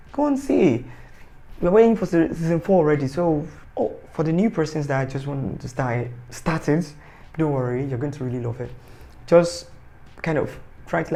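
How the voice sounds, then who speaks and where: A man's voice: medium pitch, gravelly, a little mellow. A man giving a casual, rambling, joking review of a TV series, often correcting himself. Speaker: TV show reviewer.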